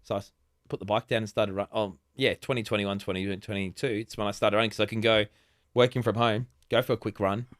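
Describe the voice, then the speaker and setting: Brief: Australian guest in his forties, lowish voice, chatty and quick to laugh, dry close sound. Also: steady tone, no room sound. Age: 40s. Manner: chatty, laughs often, many restarts. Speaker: podcast guest. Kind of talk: casual conversation.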